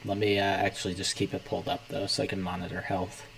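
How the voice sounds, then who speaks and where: A young man with a fairly low voice hosts a relaxed livestream. He rambles in a laid-back way and narrates each step of his setup. The delivery is chatty and unhurried. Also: creaky, slight background noise, low-quality recording. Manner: rambling, talks himself through the setup. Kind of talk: casual livestream chat.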